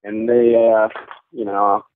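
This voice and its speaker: A man in his thirties, a voice actor chatting in an interview, animated and laughing often as he slips into quick character voices. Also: lowish voice, slight background noise. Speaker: voice actor guest. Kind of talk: casual interview chat. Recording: tinny phone-like archive audio.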